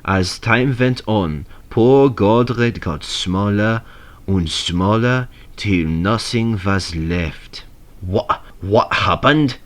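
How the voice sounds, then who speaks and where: A man reading a railway storybook aloud in a measured, expressive narration. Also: fairly low pitch.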